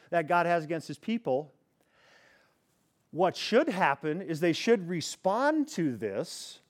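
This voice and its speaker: A man's voice: a little high, a little mellow. Man teaching a conversational Bible lesson. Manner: conversational, restarts phrases, asks rhetorical questions. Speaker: pastor teaching a Bible study. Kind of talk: expository sermon.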